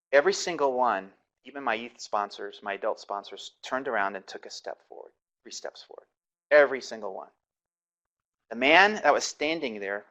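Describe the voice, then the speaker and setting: A man's voice: on the low side, fairly bright tone. A man teaching a class in a conversational way, often restarting sentences and chuckling as he tells a story from his past. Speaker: instructor. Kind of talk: classroom lecture with personal storytelling.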